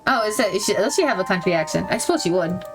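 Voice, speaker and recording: Over music, a young let's-play host flips between narrating the game's story and playful, giggling chat. Her mid-range voice is rapid-fire with lively intonation.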